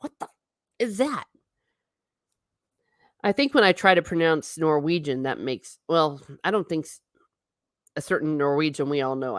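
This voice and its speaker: Low-pitched American woman host, chatty livestream rambler, dry close sound. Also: fairly bright tone, dry recording. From United States. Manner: chatty, rambling, laughs often, reads viewer comments aloud. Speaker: livestream host reading chat. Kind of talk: casual livestream chat.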